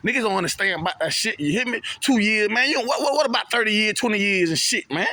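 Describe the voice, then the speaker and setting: Young man, high bright voice, preachy street-talk monologue full of slang. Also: animated, quick pace. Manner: preachy, repetitive, heavy slang and swearing. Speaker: vlogger giving prison testimony.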